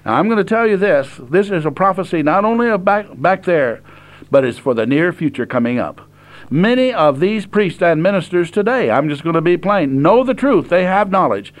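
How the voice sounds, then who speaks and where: An older man preaches in a high, lifted voice. He reads scripture slowly and deliberately, then breaks it down in plain, direct words for his listeners. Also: animated. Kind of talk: sermon reading and explaining scripture.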